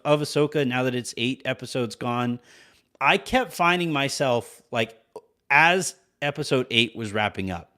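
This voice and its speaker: A man's voice: fairly high pitch, a bit bright. A man hosting a podcast, chatting casually with many restarts and laughing at his own jokes. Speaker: podcast host.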